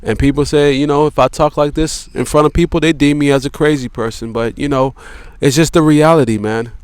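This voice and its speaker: A man delivering a rambling philosophical monologue, profane and repetitive, leaning on filler words and slow, drawn-out emphasis. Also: on the high side, steady tone, clear, resonant tone, no echo. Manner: profane, repetitive, peppered with "you know" and "man".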